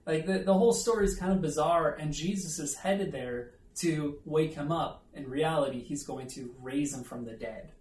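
A man's voice: fairly high pitch, normal speed, few pauses, darkish tone, a little hiss or hum. A man preaching a conversational sermon, telling a self-deprecating story with asides to the audience. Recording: echoey room, mic at a distance.

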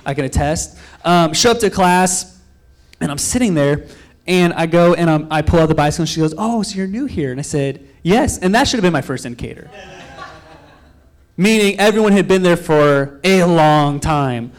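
A man's voice: fairly high pitch, moderate pace, smooth. A young man giving a loose, rambling sermon as a pastor, telling a story and acting out quotes of himself and others. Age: young adult. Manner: loose, rambling with frequent fillers and restarts.

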